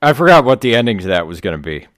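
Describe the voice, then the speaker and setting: A man co-hosting a comedy podcast, telling rambling stories in a deadpan way. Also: medium pitch, very fast, no echo, clean studio sound. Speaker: podcast co-host. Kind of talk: casual comedy podcast chat.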